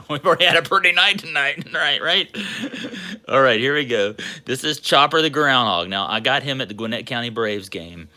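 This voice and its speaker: A Southern man with a very bright, sharp-edged voice chats loosely to his livestream viewers. He rambles from one thing to the next in a folksy, excitable way, often jumping up in pitch when something thrills him. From Georgia, US. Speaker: sports card channel host. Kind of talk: casual livestream chat.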